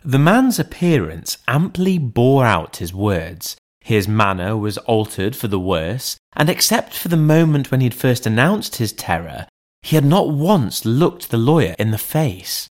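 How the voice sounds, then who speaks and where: A man narrating an audiobook in a measured, deliberate reading voice. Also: mid-range voice, big pitch swings. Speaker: audiobook reader. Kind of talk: scripted narration.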